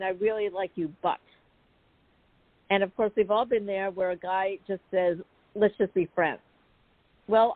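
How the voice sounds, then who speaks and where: A woman guest on an interview show, telling a personal story in a chatty, animated way with many asides. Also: medium pitch, dry recording. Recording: phone-like dry call audio.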